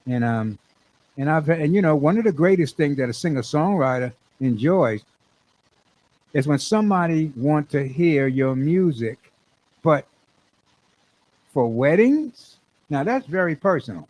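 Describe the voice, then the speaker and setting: A man's voice: fairly high pitch, a little mellow, poor audio. A man, a singer-songwriter, telling a rambling story in a casual monologue, often restarting and acting out what he said. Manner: rambling, repeats himself and restarts, acts out his own quoted words.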